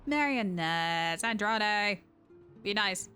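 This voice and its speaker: A young woman streaming a video game, commenting casually, excitable and ranting, with lots of laughing and shrieking. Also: medium pitch, slow, faint music behind.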